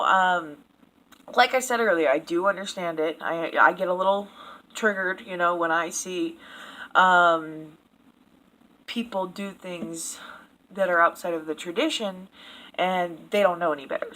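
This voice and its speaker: A woman's voice: fairly low pitch, a bit bright, low-quality recording. A woman vlogging a casual opinion rant to camera, blunt and profane, laughing at her own jokes. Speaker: video blogger.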